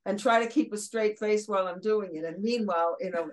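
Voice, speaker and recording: An older Brooklyn woman, a former children's TV host, is a guest on a chat show telling stories with relish in a casual interview. She laughs mid-sentence, acts out what people said, and lets her tales run on in a steady, mid-range voice at a fairly quick pace. The recording quality is low.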